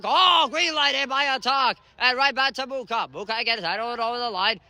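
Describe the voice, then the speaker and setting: Man, high voice, bright tone, measured pace, live amateur soccer play-by-play full of shouted calls. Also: dry recording. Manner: excitable, frequent shouted calls and exclamations. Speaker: amateur match commentator. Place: indoor soccer stadium.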